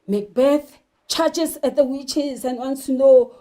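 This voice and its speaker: A woman's voice: sits high, slow, dark tone, rough recording. A woman teaching a literature lesson, talking emphatically and putting questions to her learners. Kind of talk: televised classroom lesson.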